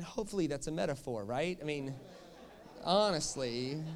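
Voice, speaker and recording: A male pastor preaches with a light, joking touch, tossing rhetorical questions at his listeners. His voice sits a bit high, and his delivery swings from playful asides to plain explanation. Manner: jokey, animated, asks the crowd questions. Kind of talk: sermon.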